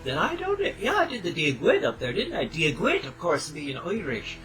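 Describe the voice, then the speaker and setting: An older man chatting casually to his webcam at home, rambling and tangential, with sudden loud bursts. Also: on the high side, huge pitch swings, moderate pace, hardly any pauses, rough recording. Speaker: vlogger.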